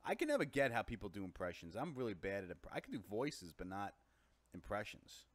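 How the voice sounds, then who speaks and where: A man with a New York accent co-hosting a casual show, joking and swinging between loud and quiet. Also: fairly low pitch, big pitch swings, brisk, dry recording. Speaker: co-host. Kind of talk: casual chat.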